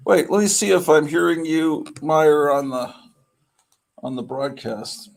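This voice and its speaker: A man's voice: fairly high pitch, slow, gravelly. A man hosting his own live stream, chatting in a loose, meandering way with wry, self-deprecating asides, talking into his computer microphone. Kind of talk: casual rambling live stream chat.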